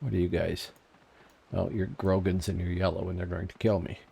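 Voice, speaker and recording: A man's voice: low-pitched, level tone, normal speed, vocal fry, dark tone, husky. A man streaming an online game, chatting casually as he plays and answers viewers in chat. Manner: chatty, musing aloud, reading chat. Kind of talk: casual gameplay commentary.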